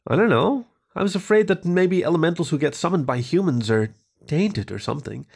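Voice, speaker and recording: A man voicing a mischievous, eager young girl in a storybook reading, in a raised, excited voice. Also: a little high, brisk, creaky, husky, voice pushed up, heavily acted. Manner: excited and hopeful.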